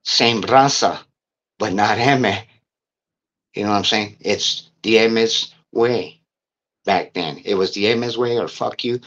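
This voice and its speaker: Streetwise low-voiced man telling stories. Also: slow pace, long pauses, a bit bright. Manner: streetwise, profane, laughs while telling stories. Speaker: interview guest. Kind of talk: casual storytelling. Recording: dull lo-fi recording.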